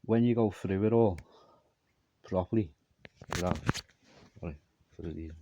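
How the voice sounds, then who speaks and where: Low-voiced man rambling on. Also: moderate pace, highs cut off, noisy background. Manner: meandering, repetitive storytelling. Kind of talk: rambling monologue.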